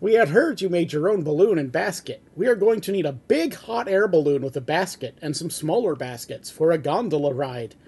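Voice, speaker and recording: A man's voice: a little high, lively intonation, fairly quick, hardly any pauses, a little mellow, breathy edge. A man voicing the grumpy, impatient Grinch in a comic script reading, with exasperated outbursts. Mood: grouchy.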